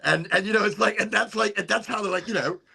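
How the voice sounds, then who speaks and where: A man's voice: sits high, fast talker, creaky, a loud crowd. A man hosting a casual chat, telling a story with lots of swearing and putting on mock British voices for the people he quotes. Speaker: host.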